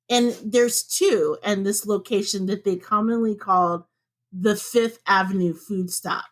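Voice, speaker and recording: A woman co-hosting a podcast from home, chatting casually and laughing often. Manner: chatty and laughs often, with lively swings up in pitch. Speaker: podcast co-host.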